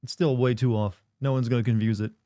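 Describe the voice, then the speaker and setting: A man riffing with his live chat in loose, joking banter. His voice is warm and mellow at a middling pitch. He is recorded close and dry on a desk mic. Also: fairly even intonation, fast talker, dry recording. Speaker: livestream host. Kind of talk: casual live-stream chat.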